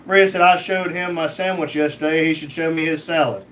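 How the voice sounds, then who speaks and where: A man's voice: on the high side, fairly even intonation, brisk, fairly bright tone, a little hiss or hum. A man hosting a casual livestream, reading out chat comments and joking back.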